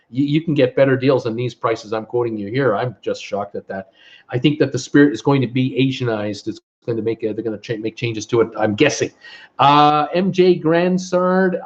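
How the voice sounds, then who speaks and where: Casual man reading live chat, lo-fi. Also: on the high side. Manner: reads viewer comments aloud with many fillers. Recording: dull lo-fi stream audio.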